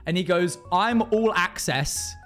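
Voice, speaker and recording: A man with a fairly high voice tells a story to his live stream audience in a loose, casual way. He acts out the people he quotes as he goes. Soft music plays faintly behind him. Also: takes it slowly.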